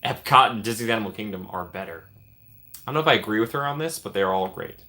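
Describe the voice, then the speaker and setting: A man with a somewhat low voice and a bright, forceful edge hosts a relaxed live stream. He talks in an upbeat, chatty way and reacts to his viewers by name as their comments roll by. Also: quick pace. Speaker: streamer host. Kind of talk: casual live-stream chat reading comments.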